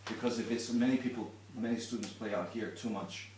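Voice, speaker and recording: A man's voice: fairly low pitch, steady tone, brisk, a little mellow, a little hiss or hum. A man giving a one-on-one violin lesson, explaining patiently and showing as he goes. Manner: patient, explains with demonstrations and restarts. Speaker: violin teacher. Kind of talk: one-on-one instruction. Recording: roomy, from a distance.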